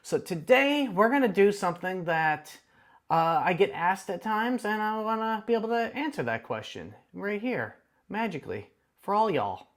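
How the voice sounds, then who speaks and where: A man casually walking viewers through a software tutorial on screen, chatty and upbeat with playful asides, speaking into a close desk microphone. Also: high-pitched, lively intonation, normal speed. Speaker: tech tutorial host.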